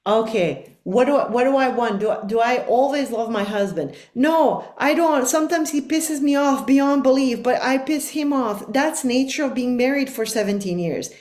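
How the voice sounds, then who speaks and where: A woman's voice: high voice, moderate pace, few pauses, a little mellow, roomy sound. A middle-aged woman speaking as a life coach guest on a podcast, talking in an earnest, reflective and emphatic way. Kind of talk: podcast conversation.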